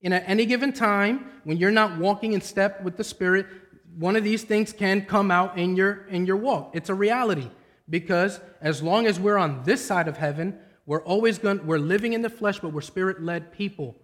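Male pastor, 30s, high voice, conversational preaching full of personal stories. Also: normal speed, fairly bright tone. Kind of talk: sermon.

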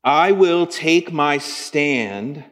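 Male pastor, casual sermon delivery with lively pitch swings, echoing hall sound. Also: drawn-out words. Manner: conversational preaching with big pitch swings, acts out quoted voices. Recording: long hall reverb.

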